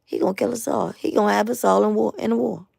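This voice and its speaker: Host, woman; fired-up repetitive live rant, gravelly hoarse tired voice, dry close sound. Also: medium pitch, quick pace, a little mellow, no room sound. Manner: emphatic, repetitive, stumbling restarts. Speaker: host of a live online show. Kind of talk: impassioned live rant to viewers.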